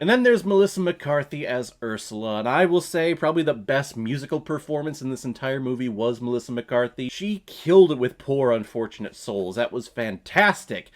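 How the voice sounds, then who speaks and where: A man hosting his own movie review vlog, talking casually and emphatically and laughing often. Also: medium pitch.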